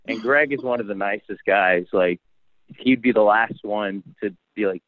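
A young man with a low voice talks casually, acting out the people in his stories. The sound is dry and tinny, as if it came over a phone line. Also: moderate pace, dry recording. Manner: relaxed storyteller, acts out quoted lines. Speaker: guest, professional wrestler. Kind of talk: casual interview chat.

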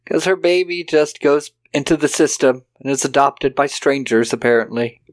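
A man's voice: medium pitch, moderate pace. A man co-hosting a podcast, retelling a film's plot in casual chat. He mimics the characters' lines and swears freely. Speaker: podcast co-host. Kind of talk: casual film-recap chat.

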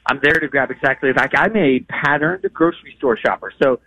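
A man hosting a sports radio show, talking in a casual, energetic way and acting out other people's voices in his stories. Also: mid-range voice, fairly quick, vocal fry, poor audio. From moved from Nashville to Connecticut. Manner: animated, mimics voices in anecdotes. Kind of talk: fast, energetic casual talk.

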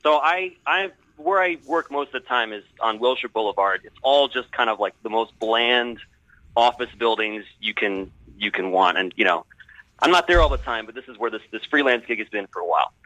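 A man's voice: mid-range voice, expressive, a little fast, bright, forceful tone, dry recording, highs cut off. A man in casual chat, telling a story in a rambling, hesitant way with lots of fillers. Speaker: guest storyteller.

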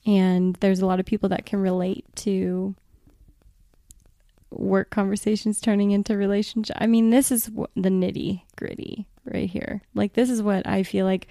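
A woman's voice: medium pitch, vocal fry, mellow, no room sound, clean studio sound. A woman, a podcast guest, talking in an earnest, reflective way and laughing often. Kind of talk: reflective casual chat.

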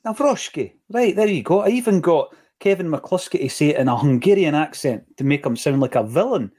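A middle-aged Scottish man hosting a football podcast, chatting in a casual, opinionated way with quick asides. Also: a little high, lively intonation, warm tone. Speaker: podcast host.

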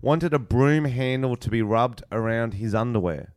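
A man's voice: mid-range voice, moderate pace, a little mellow. A man, co-hosting a podcast, joking crudely and reading out news stories. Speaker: podcast co-host. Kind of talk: casual chat.

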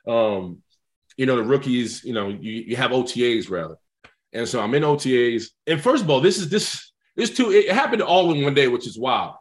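A man, a former football player and guest, telling a story in a casual, animated way, swearing freely. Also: medium pitch, normal speed.

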